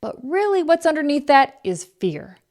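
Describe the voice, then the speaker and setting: Delivering blunt, emphatic motivation on excuses and busyness, this married adult podcast host speaks at a moderate pace. Her voice sits high, very animated, with a darkish tone.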